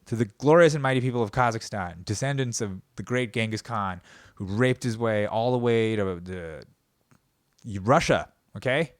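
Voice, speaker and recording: A man hosting a podcast, riffing in a rambling, sarcastic comedic monologue that swings between loud outbursts and mumbled asides. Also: lowish voice, no room sound, clean studio sound. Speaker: podcast host.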